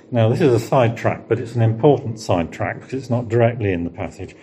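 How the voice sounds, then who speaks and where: A middle-aged man preaching a sermon, leaning on rhetorical questions and slowing down to stress key words. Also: medium pitch, expressive, warm tone, a little hiss or hum. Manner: rhetorical questions, emphatic rises and slowed stresses.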